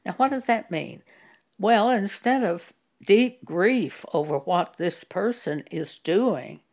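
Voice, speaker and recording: A woman giving a Bible teaching, telling a personal story and reading scripture aloud in a slow, deliberate way. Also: medium pitch, lively intonation, a little mellow.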